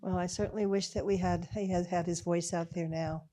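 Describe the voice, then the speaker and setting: A woman, an executive producer, moderating a Q&A with a gentle, encouraging manner. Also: on the low side, steady tone, brisk.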